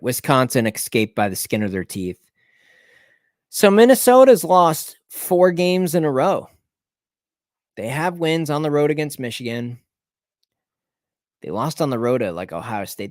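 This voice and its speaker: A man hosting a live betting picks stream, thinking aloud, repeating team names, correcting himself, swinging between low mutters and excited bursts. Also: moderate pace, no room sound, clean studio sound. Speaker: sports betting show host.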